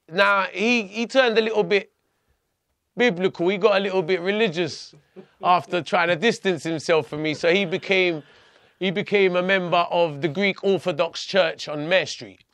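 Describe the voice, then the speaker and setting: A man telling a personal story as a podcast guest, blunt and animated, often restarting his sentences. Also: sits high, moderate pace, dry recording.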